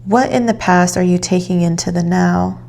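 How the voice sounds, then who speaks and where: A woman giving a calm, reflective tarot reading, guiding the listener gently. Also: fairly low pitch, moderate pace, creaky. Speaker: tarot reader.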